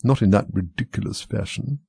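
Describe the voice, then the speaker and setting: A man voicing a sulky little dormouse with a slow, grumbling way of speaking. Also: lowish voice, vocal fry, mellow, husky, no room sound, exaggerated voice.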